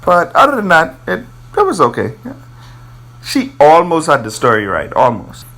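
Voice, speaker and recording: A man chiming in with a teasing, casual side of the story. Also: a little high. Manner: teasing, quick asides, animated.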